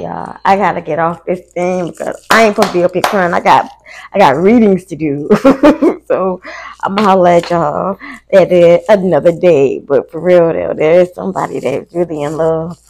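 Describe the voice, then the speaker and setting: A woman's voice: on the low side, noisy background. A woman giving a casual, emotional live tarot reading to her viewers. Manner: slow, gravelly, chatty, emotional. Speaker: tarot reader.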